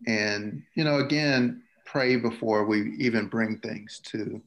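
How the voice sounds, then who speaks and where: A man in a church class talking gently and thoughtfully, with frequent pauses and fillers. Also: fairly low pitch, fairly even intonation, rough recording. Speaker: class participant. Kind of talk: casual chat.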